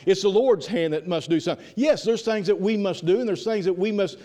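High-voiced fervent preacher man. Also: a little fast, dark tone. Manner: fervent, repetitive, with frequent restarts. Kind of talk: evening sermon. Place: church with a congregation answering.

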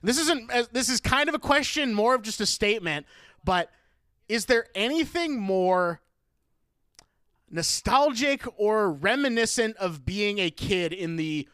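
Bright, clear-voiced young man hosting a chat. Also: high-pitched, dry recording, studio quality. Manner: animated, laughing storyteller, quick to do voices. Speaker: podcast host. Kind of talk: casual chat.

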